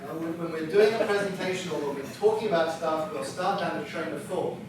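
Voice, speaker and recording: Recorded at a distance in an echoey room with background noise, this man speaks on the high side and a little fast. He's a book publisher giving an instructional workshop on writing a book, chatty with humor aimed at himself.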